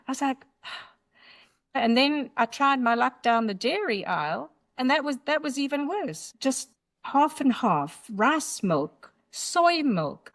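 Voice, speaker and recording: Animated South African woman storyteller. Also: a little high, unhurried. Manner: animated, emphatic listing, laughs while telling anecdotes. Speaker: guest author. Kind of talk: conversational storytelling.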